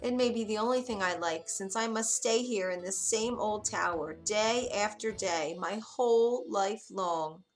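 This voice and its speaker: A woman's voice: medium pitch, unhurried, hardly any pauses, faint music behind, natural voice. Rapunzel, a woman voicing a wistful young maiden. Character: shy young woman locked in a tower, wistful. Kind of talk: storybook reading.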